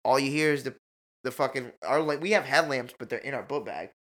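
Bright-voiced man telling a wild story. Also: medium pitch, brisk. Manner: animated, profane, slangy storytelling. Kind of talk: casual storytelling chat.

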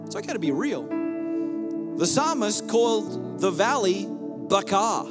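Animated, high-voiced man preaching a sermon. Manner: animated preaching that leads the congregation. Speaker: pastor. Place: church hall with a congregation.

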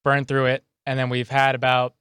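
A young man answers casually with some hesitation. His voice is smooth and resonant, recorded close and dry. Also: medium pitch, monotone, normal speed, a bit bright, no room sound. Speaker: guest. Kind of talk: casual chat.

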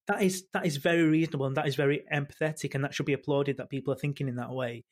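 A man, a football podcast panelist talking in a halting way full of restarts. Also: on the high side, fairly even intonation. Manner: halting, many restarts and fillers. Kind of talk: casual football chat.

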